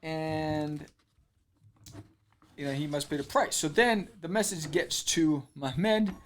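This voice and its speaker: A man's voice: on the high side, takes it slowly. A man hosting a podcast, casually retelling and reviewing a comic with lots of fillers and acted-out lines. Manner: animated storyteller, acts out character lines, many fillers.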